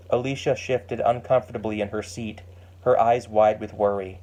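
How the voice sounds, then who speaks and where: A man reading a family story aloud as a steady, gentle narrator. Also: fairly low pitch, moderate pace. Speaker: audiobook narrator.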